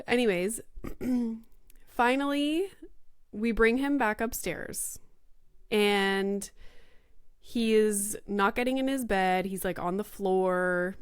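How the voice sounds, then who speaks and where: A woman's voice: mid-range voice, unhurried, clear, resonant tone, no room sound, studio quality. Chatty young woman podcast host. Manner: chatty, lots of "like" and "you know", quotes herself in lively voices. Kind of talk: casual storytelling monologue.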